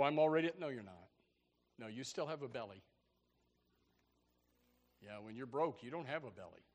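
A man preaching a sermon in an animated, stammering way, repeating words and acting out Bible characters. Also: on the high side. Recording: echoey hall.

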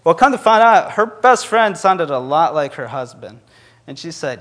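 Young male preacher, earnest conversational delivery, a touch high-pitched. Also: moderate pace, a bit bright. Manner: earnest, conversational, frequent fillers. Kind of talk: sermon with a personal story.

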